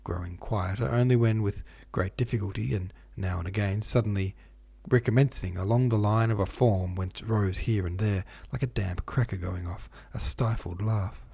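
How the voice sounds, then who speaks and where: A man reading a classic novel aloud at a steady, measured pace, stopping now and then to explain the footnotes. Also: fairly low pitch, vocal fry, husky. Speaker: audiobook reader.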